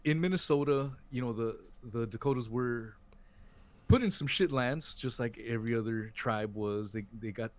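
A man's voice: mid-range voice, moderate pace. Rambling, chatty podcast host man. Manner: rambling, repeats words, says "man" and "dude". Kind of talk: casual chat.

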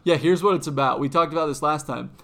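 A man chatting casually on a sports podcast, with a voice pitched a little above the usual. He banters and jokes easily with his co-hosts. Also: fast talker, bright, forceful tone. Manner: joking, bantering. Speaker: podcast co-host. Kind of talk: casual chat.

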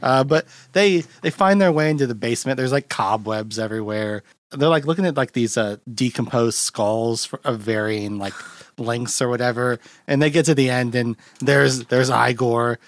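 A man's voice: medium pitch, normal speed, no echo. Rambling young man chatting about films. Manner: rambling, filler-heavy, laughs often. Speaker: podcast host. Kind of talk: casual film chat.

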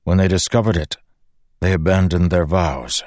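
A man's voice: low-pitched, fairly even intonation, moderate pace, a little mellow, dry recording, natural voice. Man voicing an earnest, troubled warlord king.

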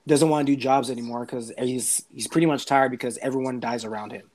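A man's voice: medium pitch, steady tone, fast talker, a little mellow. Laid-back American podcast guy, says bro. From United States. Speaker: podcast co-host. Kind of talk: casual movie review chat.

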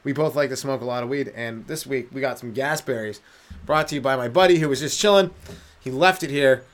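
Speaking a little fast at medium pitch, this Canadian comedian rambles through riffs on his own podcast while high on weed. He's a stand-up and podcast host, and his solo rant keeps dropping into silly voices and sung bits.

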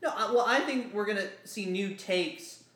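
A podcast co-host chatting casually, hesitant and filling pauses with ums. The voice sits at a middle pitch. The recording carries a roomy echo. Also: a bit bright.

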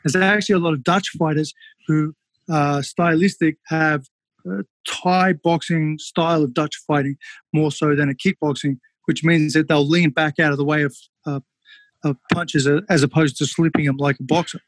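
A man, a former kickboxer, telling fight stories casually on a podcast, animated and swearing freely. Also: fairly high pitch, moderate pace, no room sound. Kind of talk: casual storytelling.

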